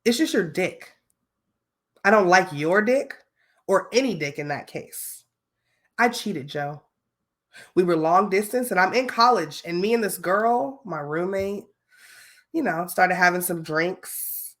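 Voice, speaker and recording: Woman doing low-ish voiced college girl, blunt and weary, dramatic reading for laughs. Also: lively intonation, measured pace, long pauses. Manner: blunt, weary confession read aloud. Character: young female college student coming out to boyfriend.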